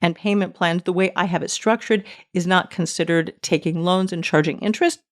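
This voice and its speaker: A woman's voice: fairly low pitch, steady tone, brisk. A middle-aged woman, hosting a teaching podcast and speaking earnestly and emphatically, stressing her points and quoting scripture. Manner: earnest, emphatic, quotes scripture with rising intensity. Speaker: podcast host.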